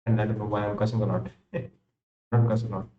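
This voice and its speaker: This young man, with an Indian English accent and a lowish, level voice, talks quickly and casually on a live stream as he works through things aloud. He wanders, repeating and restarting his sentences often. The audio is a roomy, slightly dull home recording with a bit of background noise.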